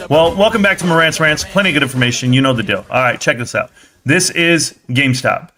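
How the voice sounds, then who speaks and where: A man's voice: a little high, animated, quick pace. A young man hosting a live stream, rambling loosely and swearing casually.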